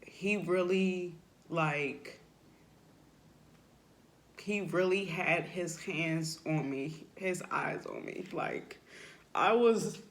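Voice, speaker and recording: A woman tells her faith testimony in an unhurried, heartfelt way. She is earnest and halting, and she leans on "like" and "you know" as she searches for words. At moments she grows emotional, and her voice sinks soft and quiet. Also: low voice. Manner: emotional, voice drops softly at times. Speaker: person sharing a faith testimony. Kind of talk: heartfelt personal testimony, unscripted.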